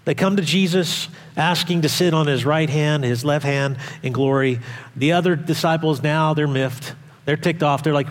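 A male pastor preaching a sermon in an animated way, acting out voices and asking the congregation questions. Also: on the high side, normal speed, in a large hall.

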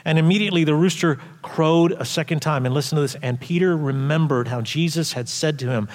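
A man preaching a sermon as pastor, animated, acting out quoted voices loudly and dropping to quiet asides. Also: on the high side, brisk, hardly any pauses. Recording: long hall reverb.

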